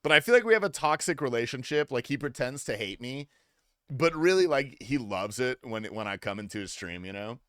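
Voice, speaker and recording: A man's voice: medium pitch, lively intonation, brisk, a bit bright, clear, resonant tone, dry recording. A young adult man streaming a game, talking casually with loose, profane, teasing banter to his chat on a close desk mic. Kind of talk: casual gaming livestream commentary.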